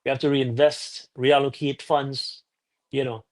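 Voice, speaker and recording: A man speaking as a guest commentator, calm and explanatory. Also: mid-range voice, a little slow.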